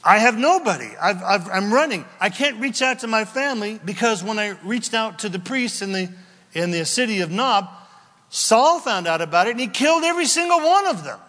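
A man's voice: high-pitched, animated, fairly quick, pushed and bright, big-room sound, voice pushed up. A man acting out a desperate young king hiding alone, speaking in a pleading, rising voice.

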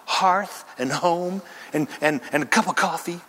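A man preaching a sermon as a pastor, emphatic and dramatic, building long lists and pausing for effect. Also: high-pitched, fairly bright tone, a little hiss or hum. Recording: long hall reverb.

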